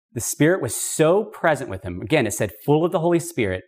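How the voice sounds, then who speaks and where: A man's voice: mid-range voice, lively intonation, a little fast. A man teaching a podcast Bible study in an emphatic, conversational way, with casual asides. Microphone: podcast microphone.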